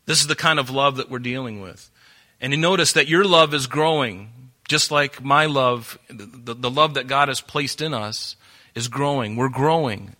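Bright-voiced man preaching a sermon. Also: mid-range voice, moderate pace. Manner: earnest, repeats words, acts out dialogue. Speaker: pastor.

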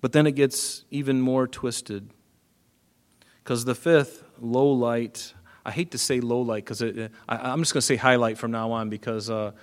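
A man's voice: mid-range voice, steady tone, a little slow. Man, pastor, casual storytelling sermon with asides, shifting volume.

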